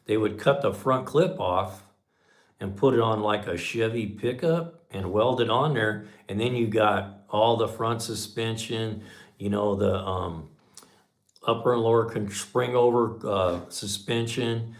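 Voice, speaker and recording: A man in his fifties with a fairly low voice hosts a casual livestream. He tells stories in a folksy, chatty way, often tossing in "man" and acting out the back-and-forth as he goes. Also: a little slow. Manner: folksy, chatty, drops in "man" and acts out quoted dialogue. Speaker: channel host on a livestream.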